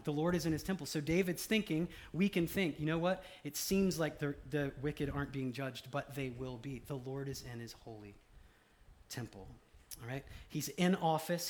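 A man preaching a conversational sermon to his church, repeating key lines for emphasis. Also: fairly high pitch. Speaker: pastor. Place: church service.

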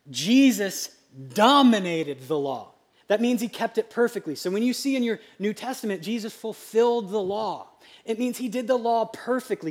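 High-pitched guy pastor giving a sermon, chatty and lively, sometimes gets loud. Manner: lively, conversational preaching with sudden loud outbursts. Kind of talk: preaching a sermon. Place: church sanctuary.

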